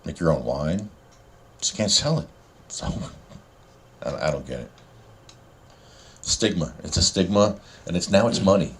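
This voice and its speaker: A man with a low voice hosts a casual podcast chat. He rants and gets sarcastic about what annoys him. His talk is loose and unscripted. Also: animated, unhurried, long pauses, husky. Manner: ranting, sarcastic. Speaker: podcast host. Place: New Jersey.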